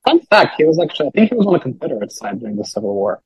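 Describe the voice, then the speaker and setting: Male podcast guest, husky, a touch high, rambling casual delivery with restarts. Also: big pitch swings, racing, dry recording, low-quality recording. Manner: rambling, many fillers and restarts. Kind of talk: casual chat.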